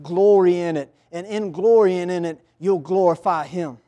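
A man's voice: high voice, moderate pace, warm tone, lo-fi sound. A male preacher giving a storytelling sermon in a church, often calling on the congregation for amens. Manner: call-and-response, storytelling.

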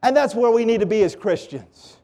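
A man preaching a sermon with passion, his voice climbing into loud pleading and dropping to hushed lows. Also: animated, fairly quick. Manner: impassioned, swings from loud pleading to low hushed.

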